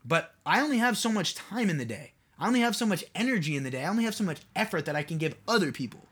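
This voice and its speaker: A man talks through his solo podcast in a loose, casual monologue. His voice sits a touch higher than most men's, and he keeps turning to his listeners with rhetorical questions, padding his thoughts with "like.". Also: big pitch swings, fast, fairly bright tone, slightly rough. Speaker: podcast host and mentor.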